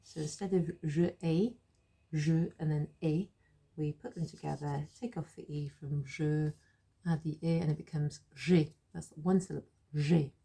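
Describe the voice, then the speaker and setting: A woman with a low, gravelly, very dark voice teaches a French lesson. She explains patiently, says each French phrase several times and laughs at her own slips. There's a husky edge to her tone. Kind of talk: relaxed spoken lesson.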